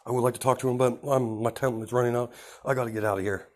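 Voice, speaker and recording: A man voicing an adult male superhero mentor, speaking in a hurried, hearty way. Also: medium pitch, fairly even intonation, voice pushed up, close to an everyday voice. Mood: rushed.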